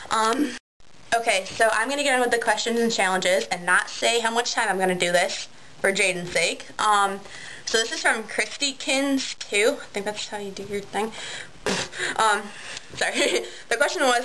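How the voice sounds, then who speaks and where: A woman's voice: mid-range voice, normal speed, sharp tone, rough recording. Teen girl vlogger, bubbly and giggly, casual webcam chat with faint background hiss. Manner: bubbly, giggly, many ums and likes. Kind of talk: excited casual vlog chat.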